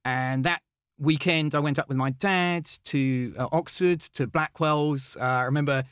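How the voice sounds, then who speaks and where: Recorded at studio quality with no room sound, this smooth, slightly high male voice unfolds a little slowly. He's a mathematician from England being interviewed, recounting stories with animated eagerness and plenty of fillers and false starts.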